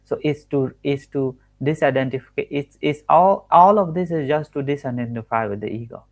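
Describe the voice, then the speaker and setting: A man of average pitch gives a spiritual teaching talk from home. He speaks earnestly and in loops, repeating key phrases and stopping to fix his own wording. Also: moderate pace. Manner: earnest, repetitive, restarts and self-corrections. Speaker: manifestation coach. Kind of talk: spoken teaching monologue.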